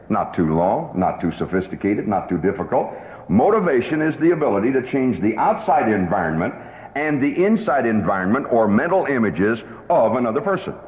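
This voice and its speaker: A man lecturing on selling, telling stories in an emphatic way. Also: fairly low pitch. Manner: emphatic storyteller. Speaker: sales trainer. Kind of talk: sales seminar lecture with anecdotes. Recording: roomy hall, dull lo-fi tape.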